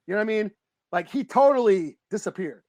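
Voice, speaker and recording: A man co-hosting a podcast, chatting casually about a movie, rambling, excitable and swearing freely. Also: high-pitched, brisk, dry recording, clean studio sound. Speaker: podcast co-host. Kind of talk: casual movie review chat.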